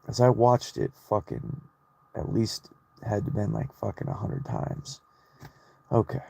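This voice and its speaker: A young man talks in a low, gravelly voice with a dark, mellow tone. He rambles through a story for his vlog, swearing constantly and doubling back on himself. The delivery is slow and subdued, close to a sigh. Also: big pitch swings. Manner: heavy swearing, loose storytelling with restarts. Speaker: solo vlogger. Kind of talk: rambling personal monologue.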